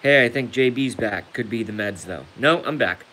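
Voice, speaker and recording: A man's voice: medium pitch, animated, normal speed, bright, forceful tone, a little hiss or hum, poor audio. A man hosting a rambling live stream, crude and self-mocking, laughing at his own jokes while hurt and unable to laugh without pain. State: injured, hurts when he laughs. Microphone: phone.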